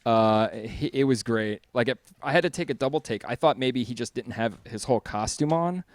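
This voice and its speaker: A man's voice: mid-range voice, normal speed, dry recording. A man co-hosting a casual chat show, easygoing and enthusiastic. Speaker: co-host.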